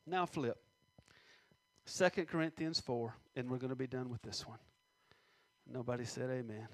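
A man preaching a sermon, reading scripture slowly and stressing words, with many questions to the congregation. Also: mid-range voice, steady tone, no room sound.

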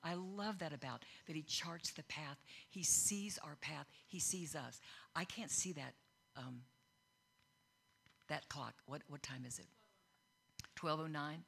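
A middle-aged woman preaching a sermon, animated, acting out quoted voices and growing loud and excited. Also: low voice, slow pace, vocal fry, pauses often, husky. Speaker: pastor.

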